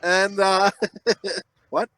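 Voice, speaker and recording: A man's voice: high-pitched, flat delivery, drawn-out words, sharp tone, clean tone. A man co-hosting a comedy podcast, rambling through crude stories in casual chat and laughing often. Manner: rambling, profane, laughs a lot. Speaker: podcast co-host.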